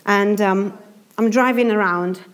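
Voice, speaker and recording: A young woman giving a sermon, telling a personal story in a lively, animated way. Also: mid-range voice, unhurried. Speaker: preacher.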